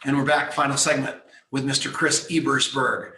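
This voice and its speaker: A male radio host with a gravelly, bright edge, telling an excited story and acting out the voices of the people in it. The room sounds echoey, with a faint hum of noise underneath. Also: mid-range voice, moderate pace. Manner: excited, animated storyteller who acts out dialogue. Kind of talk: energetic radio talk and storytelling.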